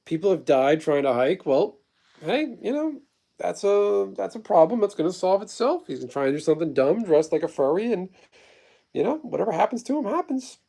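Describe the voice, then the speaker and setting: Man, 30s, livestream host, higher-pitched voice, blunt rambling delivery with swearing. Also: very animated, brisk, creaky, dark tone. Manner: rambling, profane, blunt storytelling; replies to chat messages. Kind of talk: casual livestream chat.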